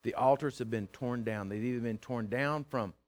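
A man preaching a sermon, folksy and teasing, swinging from loud to hushed. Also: mid-range voice, moderate pace. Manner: plain-spoken, folksy, teasing.

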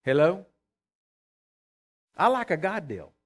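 A man preaching a conversational sermon, reading scripture aloud and commenting with animated asides and repeated words. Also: fairly high pitch, slow.

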